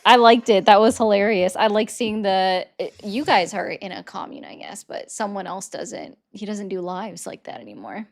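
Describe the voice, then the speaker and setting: A woman's voice: medium pitch, expressive, creaky. Chatty sarcastic woman hosting a livestream. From United States. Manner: chatty, sarcastic, quick asides. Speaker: host. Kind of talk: casual live-stream chat.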